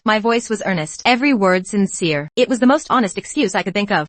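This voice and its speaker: A woman reading first-person narration for a dubbed motion comic in an even, scripted way. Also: mid-range voice, quick pace, hardly any pauses, dry recording.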